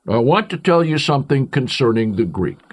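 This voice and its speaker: A male preacher delivering an emphatic sermon, declaiming with strong swings in pitch and pace. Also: very animated, brisk, slightly rough.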